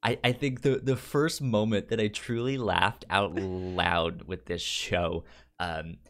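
A man's voice: sits low, fairly even intonation, slow, creaky. A man co-hosting a podcast in casual chat about a show, stammering over word starts and bursting into laughter as he retells scenes. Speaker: podcast co-host.

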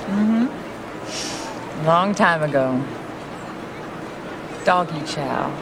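An easygoing, friendly companion who drawls each line slowly and sounds nostalgic. It comes from a film clip, with clear traffic noise outside. The voice sits in a middle register. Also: medium pitch, expressive, full character voice. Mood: fond. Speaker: film character. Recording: film audio with street noise.

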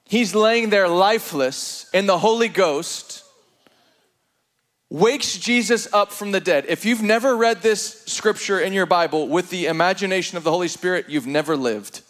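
A man preaching an energetic sermon to a congregation, animated and playful, with laughing asides. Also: high voice, normal speed.

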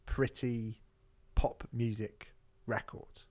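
A man's voice: mid-range voice, flat delivery, slow, a little mellow. A man co-hosting a music podcast, chatting casually and animatedly, with jokey asides while reviewing an album. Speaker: podcast co-host.

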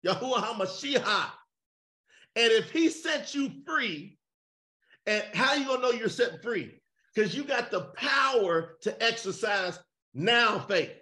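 A man's voice: sits high, animated, a little slow. Fiery preacher man. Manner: emphatic, shouting, rhetorical questions. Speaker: preacher leading an online gathering. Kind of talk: fiery call-and-response preaching. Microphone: video call.

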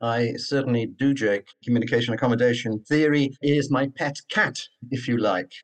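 Older man, from Wales, interview guest, wry, anecdotal, measured. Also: mid-range voice, poor audio. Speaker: guest scholar. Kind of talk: reflective interview talk.

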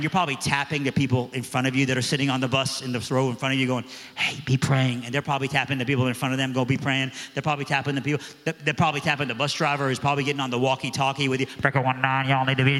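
A man preaching a sermon, telling a story in an animated way and acting out the voices of the people in it. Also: mid-range voice, very fast. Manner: animated, acts out quoted voices. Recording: long reverb of a large hall.

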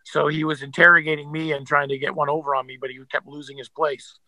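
A man's voice: a little high, level tone, fast talker, sharp tone, no echo, rough recording. A man, an actor, telling stories as a guest in a casual interview, rambling with many fillers and restarts.

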